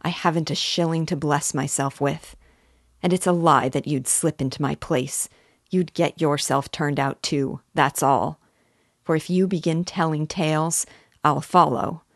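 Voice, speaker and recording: A gloomy, bitter young man snaps savagely at his brother, pitched low by a woman reading a storybook aloud. The recording is dry and close. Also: steady tone, a little slow, dry recording. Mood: angry. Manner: savage, tense.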